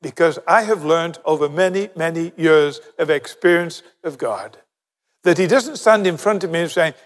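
An older man preaching a sermon, animated, acting out conversations as he tells the story. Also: a little high, moderate pace. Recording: long reverb of a large hall.

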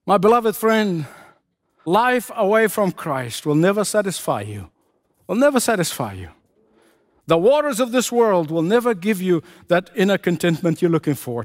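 A male preacher with a high, animated voice that swoops up and down as he builds each point. He preaches with fervor, returning to the same phrases over and over for emphasis. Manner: impassioned, repetitive preaching cadence. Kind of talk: sermon.

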